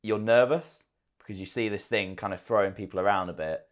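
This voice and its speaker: A man with a fairly low voice co-hosts a casual podcast. He chats freely and tells stories with animation. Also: a little fast. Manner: chatty, animated storytelling. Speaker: podcast co-host. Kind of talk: casual chat.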